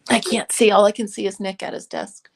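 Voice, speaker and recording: A woman's voice: mid-range voice, little pitch movement, a little fast, vocal fry, slight background noise. A woman hosting a casual crochet club chat, playful and rambling, laughing often. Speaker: host of a crochet club stream.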